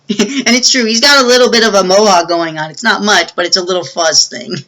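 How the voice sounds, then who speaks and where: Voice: mid-range voice, a little fast, sharp tone, low-quality recording. A movie reviewer giving a casual, rambling plot recap with many fillers and restarts.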